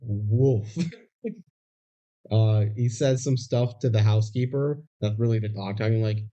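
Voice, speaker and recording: A man's voice: on the low side, fairly even intonation, measured pace, warm tone, lo-fi sound. A man co-hosting a podcast, recapping a movie scene by scene and acting out the characters' lines. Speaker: podcast co-host. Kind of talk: casual movie recap chat.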